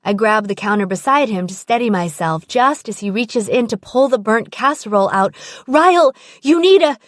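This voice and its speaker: A woman's voice: medium pitch, a little fast, fairly bright tone, no echo, clean studio sound. A woman narrating a first-person audiobook in an intimate, present-tense storytelling manner.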